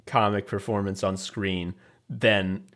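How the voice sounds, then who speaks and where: A man who is a guest on a casual podcast, talking in an animated, rambling way with many restarts. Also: on the low side, slow pace.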